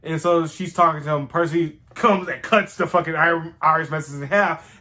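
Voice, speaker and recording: A man casually rambling through a show recap, excitable and slangy, with some swearing. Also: on the high side, normal speed, hardly any pauses.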